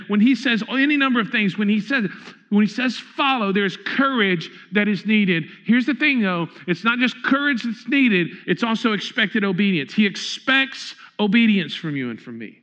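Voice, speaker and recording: A man's voice: sits high, animated, moderate pace, fairly bright tone, lo-fi sound. A male pastor preaching a sermon in a conversational way, asking the congregation questions.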